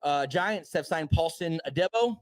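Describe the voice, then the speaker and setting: Man, slightly high voice, dry close sound, reads headlines with offhand jokes. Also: lively intonation, no echo, low-quality recording. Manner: rattles through news items with quick offhand asides. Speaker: podcast co-host. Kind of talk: casual sports talk livestream.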